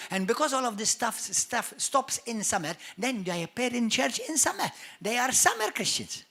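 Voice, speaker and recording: Man, Maltese accent, pastor, sermon in church, bright clear tone, emphatic. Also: very high-pitched, very animated. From Malta. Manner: emphatic preacher, acts out churchgoers in quick voices.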